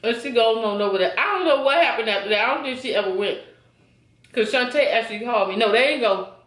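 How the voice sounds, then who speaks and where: A woman's voice: on the high side, fast talker. Chatty storytelling woman in an echoey room. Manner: chatty, animated, keeps checking in with viewers. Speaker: vlogger. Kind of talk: casual storytime.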